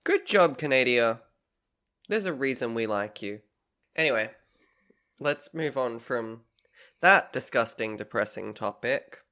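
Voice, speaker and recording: A man's voice: mid-range voice, unhurried, long pauses, sharp tone. An Australian man co-hosting a podcast, chatting casually and rambling with frequent self-corrections. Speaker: podcast co-host.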